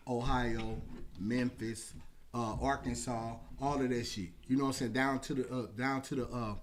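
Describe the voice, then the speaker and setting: A man telling a long story in a casual chat, animated and profane, jumping from loud bursts to hushed asides. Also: mid-range voice, slight background noise. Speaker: podcast guest telling a story.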